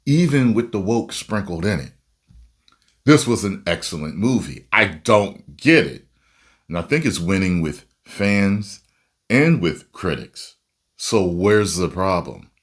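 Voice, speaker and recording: A man giving casual, animated movie reaction commentary with a rambling, self-interrupting manner. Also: low-pitched.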